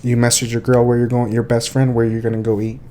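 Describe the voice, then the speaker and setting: A young man co-hosting a podcast, chatting casually and telling animated, profane stories. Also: mid-range voice, fast, a little hiss or hum. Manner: animated storytelling, swears freely. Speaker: podcast co-host. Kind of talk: casual chat.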